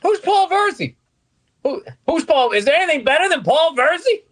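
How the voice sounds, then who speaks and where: A guilty husband stammers out a confession to his wife in a fairly high voice, as a man puts him on for a bit. He rambles sheepishly and circles around the truth. The voice stays close to an everyday man's voice. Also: big pitch swings, normal speed.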